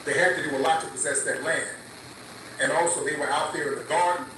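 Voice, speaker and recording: A man's voice: fairly high pitch, fast, sharp tone, a little hiss or hum. Earnest man in an echoey, distant clip. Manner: earnest, repeats his points and checks in with listeners. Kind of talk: casual spiritual talk.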